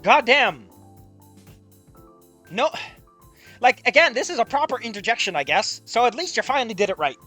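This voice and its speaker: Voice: medium pitch, pushed and bright. Exasperated, profane fan fiction reader. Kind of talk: reading fan fiction aloud with comedic commentary.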